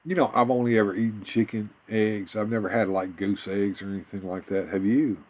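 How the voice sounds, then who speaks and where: A man's voice: on the low side, fairly even intonation, a little fast. A man co-hosting a casual live stream, rambling and restarting his sentences as he chats. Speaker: co-host of a toy live stream. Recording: tinny phone-like audio.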